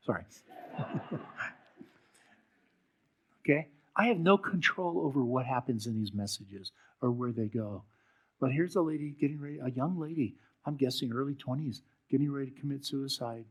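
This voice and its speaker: A pastor preaching a sermon in a church, telling a story and putting direct questions to his congregation, then slowing into a soft prayer. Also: medium pitch. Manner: closes in a slow, soft prayer.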